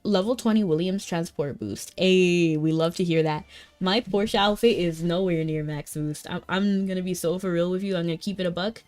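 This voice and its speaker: A woman's voice: fairly low pitch, normal speed, a little mellow. Chatty young woman streaming a game. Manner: chatty, bubbly, greets viewers. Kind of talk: casual live-stream chat. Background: faint game music.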